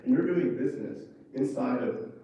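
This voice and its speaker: A man's voice: mid-range voice, normal speed, mellow, highs cut off. A man, a former ambassador, giving an impassioned and emphatic conference speech. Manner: fervent, worked up, emphatic. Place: conference room. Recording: echoey hall from far off.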